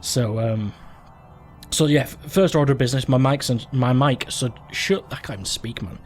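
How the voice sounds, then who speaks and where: A man's voice: medium pitch, moderate pace, a little mellow. A man hosting a let's play from home, rambling through game commentary, joking and swearing casually as he goes.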